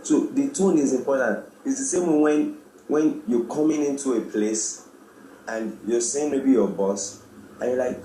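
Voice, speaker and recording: A man gives a radio talk, explaining ideas and acting out little greetings to make his point. His voice is mellow and rounded. The room echoes, with a faint hum of noise behind him. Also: a little slow. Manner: animated, acts out quoted greetings with rising pitch. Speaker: radio presenter. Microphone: studio microphone.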